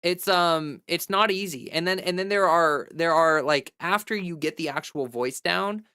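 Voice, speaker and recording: A woman's voice: fairly low pitch, normal speed, sharp tone, clean tone, dry recording, studio quality. A woman livestreamer chatting candidly and giving advice in a casual way.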